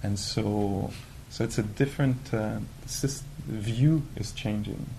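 A man giving a conversational dharma talk as a meditation teacher, animated and full of "you know" fillers. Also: lowish voice, takes it slowly, vocal fry, slight background noise, low-quality recording. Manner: animated, acts out quoted inner voices.

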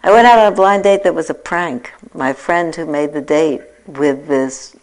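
A woman in her sixties giving a reflective dharma talk as a meditation teacher, telling a personal story with gentle self-mocking humor. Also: sits low, moderate pace, low-quality recording. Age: 60s.

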